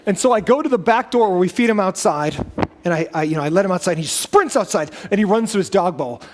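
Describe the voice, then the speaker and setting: A male pastor preaches in a relaxed, storytelling manner. He corrects himself and wanders into asides. His fairly high voice carries a long reverb through a church sanctuary. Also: fast, a little hiss or hum. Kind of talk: sermon.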